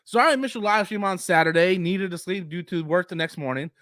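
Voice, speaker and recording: A man's voice: sits high, fairly quick, a bit bright, no echo. Profane heated male streamer, dry sound. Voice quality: coughs often. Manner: heated, profane, mouth-breathing. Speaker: live stream host. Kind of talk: casual live stream rant.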